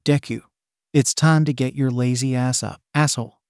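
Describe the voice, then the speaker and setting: A gruff, cursing teenage boy with a hot temper, read out by a man. He snaps in exasperation, every line laced with swearing. The voice sits at a middling pitch and sounds dry and close. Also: fairly even intonation, normal speed, a little mellow, no room sound, lightly acted. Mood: irritated.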